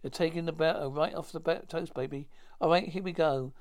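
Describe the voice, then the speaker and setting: A man acting a fast-talking character in a 1950s TV drama, with brisk, stagey dialogue. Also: a little high, steady tone, natural voice.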